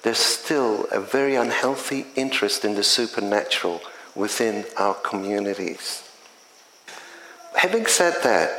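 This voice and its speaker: A middle-aged man, a community chaplain telling his testimony in an earnest, measured way. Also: mid-range voice, fairly bright tone, a little hiss or hum. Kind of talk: spoken testimony. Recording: echoey hall with faint ambience.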